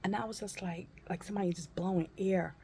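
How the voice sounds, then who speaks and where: A woman in her fifties telling a personal story in a folksy, animated way and calling listeners honey and baby. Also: fairly low pitch, quick pace, a little hiss or hum. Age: 50s. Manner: animated, acts out her own cries and shrieks. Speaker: vlogger.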